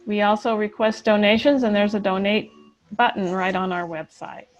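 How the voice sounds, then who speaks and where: A woman's voice: medium pitch, steady tone, moderate pace, dull audio. A woman from a counseling group giving a short, informal announcement.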